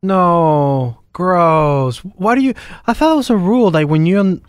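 A man co-hosting a comedy podcast, cutting in with quick jokes and teasing his partner. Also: sits high, animated, clean tone, dry recording, studio quality. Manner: quick joking interjections, teasing. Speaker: podcast co-host. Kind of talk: casual comedy podcast banter.

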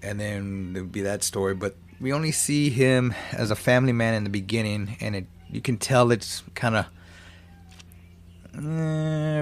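A man retelling a cartoon film's plot in a loose, profane, casual way, often restarting his sentences. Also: on the low side. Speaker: movie recapper. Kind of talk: casual movie recap.

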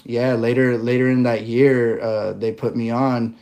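A man guesting on a podcast, telling his story in a relaxed way with lots of fillers. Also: medium pitch, measured pace. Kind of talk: casual interview chat.

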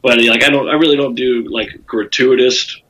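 Southern comedian guy on a podcast, bright voice, kinda husky, rambles and curses a lot. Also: medium pitch, steady tone, normal speed, poor audio. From South Carolina. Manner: rambling storytelling with frequent fillers and profanity. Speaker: comedian guest. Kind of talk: casual podcast chat.

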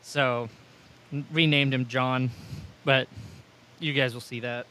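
A man's voice: medium pitch, steady tone, slow, bright, forceful tone, slight background noise. A man hosting a casual podcast chat, rambling and swearing freely. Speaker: podcast host.

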